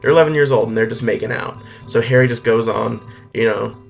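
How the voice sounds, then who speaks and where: A man retelling a film as a rambling comedy story, full of deadpan asides and fillers. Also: medium pitch, fairly quick, vocal fry, muffled recording. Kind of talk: comic retelling over music. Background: faint guitar music.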